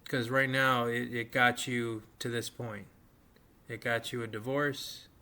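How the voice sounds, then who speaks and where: A man with a bright, forceful voice gives calm, direct relationship advice. He keeps his point plain and blunt in a relaxed podcast chat. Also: medium pitch, a little slow. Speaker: podcast host, advice giver.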